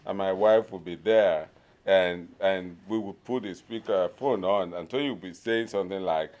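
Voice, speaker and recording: A man from Nigeria giving an informal conference talk, pausing often to search for words, with a humorous touch. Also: deep voice, a little mellow. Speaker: conference speaker.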